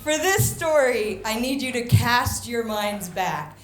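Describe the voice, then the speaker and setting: A woman's voice: a little high, takes it slowly, faint music behind. Brash American woman doing stand-up. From United States. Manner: brash, animated storytelling with mimicry. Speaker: stand-up comedian. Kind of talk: stand-up comedy set. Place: comedy stage with live audience. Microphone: handheld stage microphone. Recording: echoey venue, audience noise.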